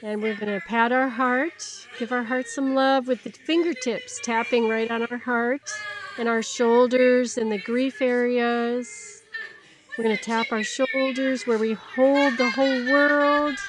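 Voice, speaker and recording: A woman's voice: a little high, fairly even intonation, a little slow, background noise. A woman leading a guided laughter yoga class, playful and encouraging, often breaking into giggles. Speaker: yoga instructor.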